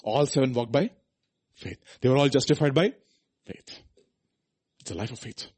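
A man preaching a sermon, asking rhetorical questions and swinging between loud emphatic lines and quiet asides. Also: medium pitch, moderate pace, slightly rough.

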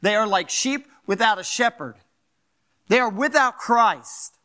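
Preaching rapidly and with lots of animation, this older pastor from Philadelphia, judging by his accent, keeps turning to the congregation with "right?" His is a high voice for a man, bright and forceful in its edge, in a sermon.

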